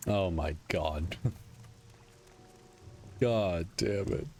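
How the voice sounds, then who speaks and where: A man's voice: low voice, extremely slow, dark tone, faint music behind. A man casually commenting on a game as he plays it, laughing, swearing and talking back to the screen. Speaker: gamer playing a game for the first time.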